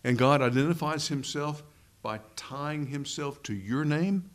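A man's voice: fairly high pitch, a little slow. Man preaching a conversational sermon. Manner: conversational teaching with rhetorical questions.

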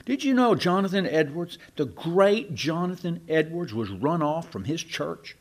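Lively older man preaching a sermon. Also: a little high, unhurried. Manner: storytelling, with asides and restarts.

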